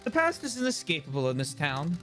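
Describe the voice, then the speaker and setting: A man's voice: on the high side, wildly swooping pitch, brisk, a bit bright, faint music behind. A man voicing a loyal young gang lieutenant in an earnest, determined manner, reading game dialogue.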